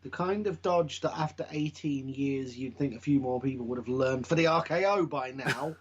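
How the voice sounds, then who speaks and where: A man's voice: mid-range voice, normal speed, slight background noise. A man co-hosting a casual podcast chat, making dry, sarcastic asides. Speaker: podcast co-host. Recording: dull lo-fi mic.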